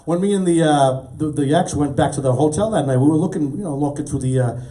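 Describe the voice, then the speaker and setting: A man hosting a casual talk show chat, quick with jokes and banter. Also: a little high, mellow, distant mic. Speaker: host.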